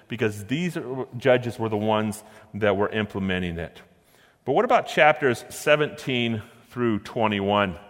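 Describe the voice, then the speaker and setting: A man preaching a sermon, retelling a story in a lively, conversational way with chuckling asides. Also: fairly low pitch. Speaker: pastor. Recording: echoey hall.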